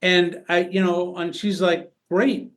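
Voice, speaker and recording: Brief: male podcast guest, mid-pitched, chatty, stumbling storyteller. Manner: halting, many restarts and fillers, animated retelling. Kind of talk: casual storytelling conversation.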